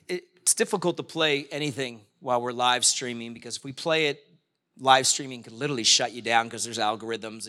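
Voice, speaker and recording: A man's voice: medium pitch, bright, forceful tone. A man preaching a conversational sermon in a live-streamed church service, often asking the congregation questions. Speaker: pastor.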